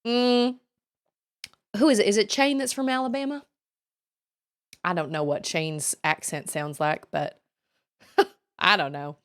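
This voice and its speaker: A woman's voice: medium pitch, steady tone, unhurried, pauses often. A woman streaming a video game, chatting casually with her chat and laughing often. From Texas. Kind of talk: casual chat while gaming.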